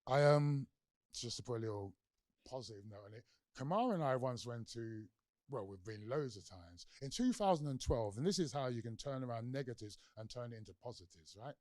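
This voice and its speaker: A man's voice: medium pitch, brisk, no room sound, studio quality. A middle-aged man with a London accent giving a public lecture, telling stories with energy, acting out quoted voices and putting questions to the audience. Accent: London English. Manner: animated storyteller, acts out quoted voices, asks the audience questions. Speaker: guest lecturer.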